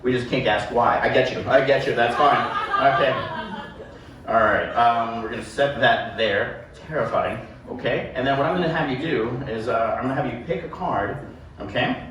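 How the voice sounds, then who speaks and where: A man running a sideshow act in a live venue, cracking self-deprecating jokes at a volunteer as he works. His voice sits a little back from the mic and rings around a very echoey room. A steady noise hangs behind him. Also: medium pitch, normal speed, recorded from a distance. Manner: joking, self-deprecating, rambling patter. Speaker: sideshow performer. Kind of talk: live stage patter with a volunteer. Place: live show venue with audience.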